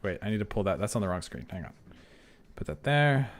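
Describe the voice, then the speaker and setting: A man's voice: on the low side, big pitch swings, brisk. A young man streaming live, chatting casually in a self-deprecating way and often restarting his sentences. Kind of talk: casual livestream chat.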